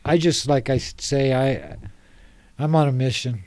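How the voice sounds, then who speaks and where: A middle-aged homeless advocate from Salt Lake City, Utah, speaks as a guest in a casual podcast conversation in a studio, earnest and passionate, rambling loosely from one thought to another. His medium-pitched voice is dark, mellow and animated, if a little slow. The recording is close and dry, with no echo or room sound.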